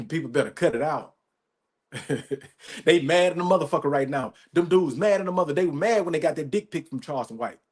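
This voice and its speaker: Profane, emphatic man with a higher voice. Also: animated, fairly quick, breathy edge. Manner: emphatic, profane, repetitive, says "you know what I'm saying". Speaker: podcast host. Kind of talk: profane commentary rant.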